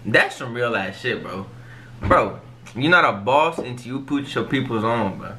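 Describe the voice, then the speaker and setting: A man's voice: mid-range voice, expressive, normal speed, sharp tone, a little hiss or hum. A young man hosting a music reaction video, talking in casual, profane street slang and cutting in over the song.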